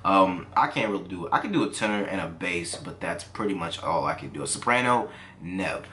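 A man giving casual reaction commentary on songs, easily excited and breaking into exclamations. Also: low-pitched, brisk, slight background noise. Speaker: music reaction reviewer.

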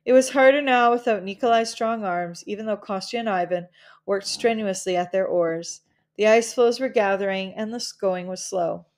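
A woman's voice: mid-range voice, normal speed. Woman reading a children's novel aloud. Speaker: audiobook reader.

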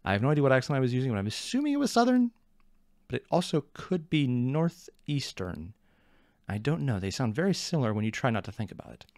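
A man hosting a casual reaction video, excitable and laughing often as he comments. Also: quick pace, no room sound, studio quality. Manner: excitable, laughs often, pitch jumps high.

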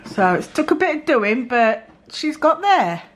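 A woman's voice: high voice, big pitch swings, unhurried. A middle-aged woman with a South Yorkshire accent, chatting casually as she narrates her daughter's baking for a family vlog in a home kitchen. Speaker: mum filming a family vlog.

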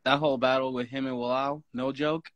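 A man's voice: mid-range voice, little pitch movement, fairly quick, fairly bright tone, no echo, dull audio. A man in a casual podcast chat, enthusiastic and often chiming in with short affirmations.

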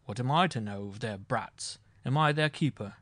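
A man's voice: mid-range voice, normal speed, fairly bright tone, dry recording, natural voice. A man voicing an arrogant, hot-tempered noble marshal on trial, blustering and indignant. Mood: scornful.

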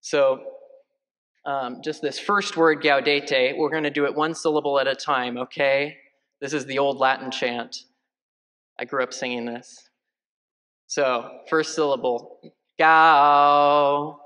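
A male parish priest giving a conversational homily, joking lightly and filling pauses with ums and uhs. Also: mid-range voice, steady tone, fairly bright tone. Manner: chatty, joking, many fillers. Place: large church. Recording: long church reverb.

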